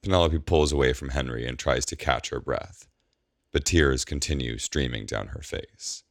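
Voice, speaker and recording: Very deep, gravelly male narrator. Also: normal speed, no room sound, clean studio sound. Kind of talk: audiobook narration.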